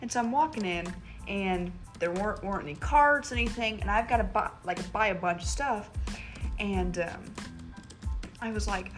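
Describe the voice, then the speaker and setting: A woman's voice: medium pitch, normal speed, over music. A young woman hosting a podcast, telling a rambling story in a casual chat style, full of "like" and quoted asides, swearing now and then. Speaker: podcast host.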